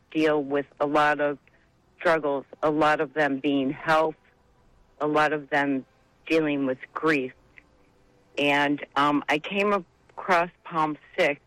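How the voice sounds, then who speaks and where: A woman's voice: low-pitched, fairly bright tone, no echo, rough recording. A woman calling in to a religious radio show, speaking emotionally and rambling about grief and faith over the phone. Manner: heartfelt, tearful, rambling. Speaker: caller. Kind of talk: emotional call-in testimony.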